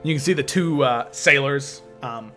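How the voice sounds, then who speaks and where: A man's voice: mid-range voice, normal speed, bright, forceful tone, soft background music. A man narrating as game master, describing scenes unhurriedly with many fillers.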